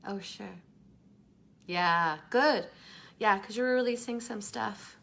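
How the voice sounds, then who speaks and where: A woman teaching a live online class, leading a soft, slow guided meditation that drops at times to a whisper, then chatting fondly with the group, her voice gravelly from smoke. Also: mid-range voice. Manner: affectionate, calls listeners darlings. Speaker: workshop teacher.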